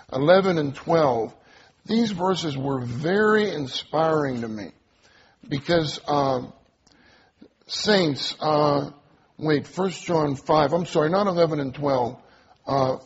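A man's voice: on the high side, lively intonation, slow pace, husky, lo-fi sound. A man preaching a sermon, earnest, repeating key phrases and drawing responses from the congregation.

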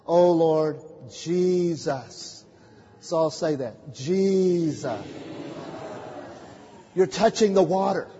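A man preaching a sermon, calling out questions for the congregation to answer and swinging from quiet asides to loud declarations. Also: sits high, a little hiss or hum. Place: church meeting hall. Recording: muffled, echoey hall recording.

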